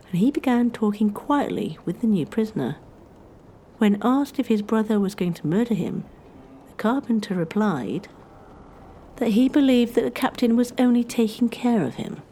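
A woman narrating a historical story in a measured, scripted storytelling style. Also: mid-range voice, animated, warm tone, slight background noise.

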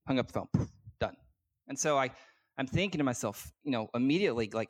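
Speaking fast at a medium pitch, this man is a guest business coach recounting something personal. It comes out sincere and heartfelt, laced with filler words and restarts, as candid conversational storytelling.

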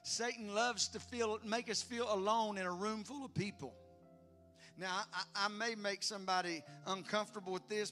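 High, bright-voiced preaching man. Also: fairly even intonation, moderate pace, soft background music. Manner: emphatic preaching with big swings from loud to hushed; conversational asides to the congregation. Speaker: pastor. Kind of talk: sermon.

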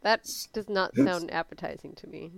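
A young woman in a casual podcast chat, chatty and excitable, talking with lots of fillers. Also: on the low side, moderate pace, vocal fry, no room sound. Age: young adult. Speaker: podcast co-host.

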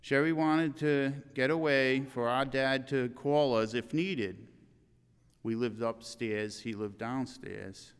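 An older man giving a eulogy in a church, reading in an earnest, halting way with restarts. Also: mid-range voice, smooth, long reverb tail.

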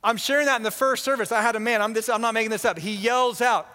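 A man preaching a sermon as pastor, animated, acting out quoted voices and often repeating words as he goes. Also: extremely high pitch, fast, hardly any pauses, big-room sound.

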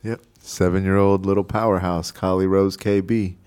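A man's voice: deep voice, level tone, normal speed, a little mellow, smooth. A man hosting a radio show, chatting casually with lots of fillers and laughs. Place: radio studio.

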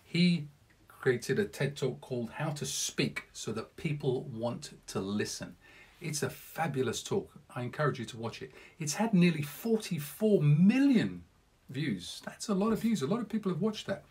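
A man's voice: fairly high pitch, sing-song, moderate pace, a little mellow, husky. A man giving an earnest, encouraging podcast lesson on public speaking as a coach, talking directly to the listener with self-deprecating asides.

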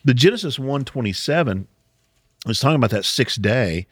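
A man's voice: medium pitch, animated, normal speed, husky, no room sound. A man hosting a podcast, explaining Bible passages in a casual teaching chat, often chuckling and restarting his sentences.

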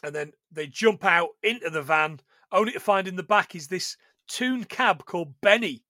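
A man hosting a casual podcast chat, joking, swearing and putting on quick voices for the characters he retells. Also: sits high, sharp tone, dry recording. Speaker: podcast host.

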